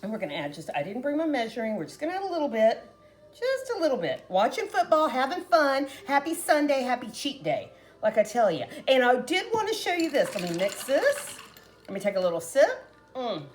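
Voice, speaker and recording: Chatty woman home cook hosting her own vlog, folksy, higher voice that bounces around a lot. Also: big pitch swings, brisk, faint music behind. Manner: chatty and folksy, talking straight to viewers. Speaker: home cooking vlogger. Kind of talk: casual cooking demonstration.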